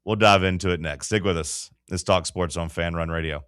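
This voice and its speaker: A man hosts a sports talk radio show, chatting loosely and rambling through a story. His voice sits low and sounds close and dry, with no room in it. He acts out the people he quotes along the way. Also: fairly even intonation, a little fast, a bit bright, smooth, no room sound. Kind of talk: casual chat.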